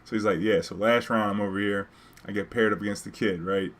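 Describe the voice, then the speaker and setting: A young man with a somewhat low voice tells a story in an easy, laid-back way. His talk is slangy and loose, and he breaks into laughter at his own story. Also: fairly even intonation, a little fast, a bit bright. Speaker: streamer telling a story. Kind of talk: casual storytelling.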